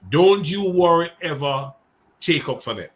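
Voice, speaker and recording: A man's voice: a little high, expressive, unhurried, lo-fi sound. A man voicing God as a stern, fed-up deity in a blunt, dismissive tone while teaching a Bible class. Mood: exasperated.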